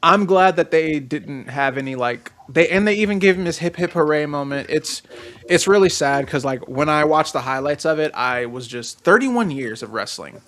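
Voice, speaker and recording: Laughing, animated man telling stories. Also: on the high side, moderate pace. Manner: animated storyteller, laughs often, sings snatches of songs. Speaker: podcast co-host. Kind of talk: casual wrestling podcast chat.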